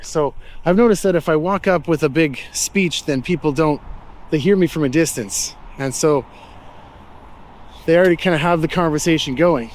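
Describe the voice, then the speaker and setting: A man's voice: fairly high pitch, darkish tone. A man vlogging while walking outdoors in a city, asking passersby questions in a friendly, reflective way with loose fillers. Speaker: street interviewer and vlogger. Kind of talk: casual walking vlog with street questions. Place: outdoors in a city street and park.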